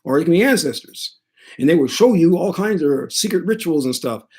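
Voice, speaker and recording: A man doing a lofty high priest. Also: expressive, darkish tone, close to an everyday voice. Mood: assured. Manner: emphatic, drawn-out. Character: lofty male high priest, sure of himself.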